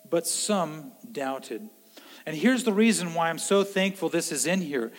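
A man preaching a sermon in an earnest way, swinging between loud emphasis and hushed low lines. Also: big-room sound. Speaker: pastor.

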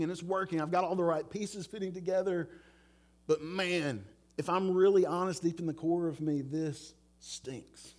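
Male pastor, middle-aged, earnest conversational sermon delivery, a touch high in pitch. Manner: conversational, earnest, direct questions to listeners. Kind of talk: sermon with personal story.

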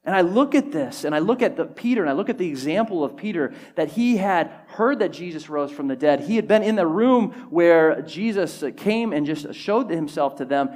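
A man preaching to his congregation with a fairly high voice. He tells each story in a lively way and acts out what the people in it say. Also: normal speed, few pauses. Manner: storytelling, acting out quoted dialogue. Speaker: pastor. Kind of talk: sermon. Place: church service before a congregation.

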